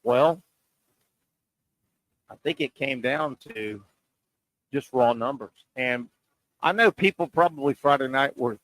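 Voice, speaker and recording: A man's voice: medium pitch, fairly bright tone, rough recording. A man hosting a sports talk show, making his point with rhetorical questions and repeating key lines for emphasis. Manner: pauses and stretches words for emphasis.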